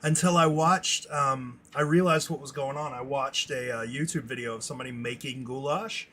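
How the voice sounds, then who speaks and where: A man hosting a podcast, telling stories in casual chat, animated and swearing offhandedly. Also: medium pitch, moderate pace, slight background noise. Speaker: podcast host.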